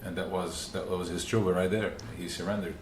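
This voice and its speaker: A man's voice: deep voice, steady tone, a little fast, a little hiss or hum. A man leading a live religious class, earnest and repetitive, often acting out inner voices. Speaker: teacher. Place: room with a small group. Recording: roomy live recording.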